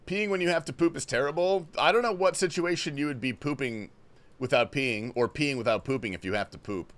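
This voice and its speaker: A man's voice: medium pitch, brisk, fairly bright tone. A young man from Australia hosting a casual gaming livestream, reading chat questions aloud and answering loosely with plenty of swearing. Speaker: livestream host. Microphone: headphones and desk mic.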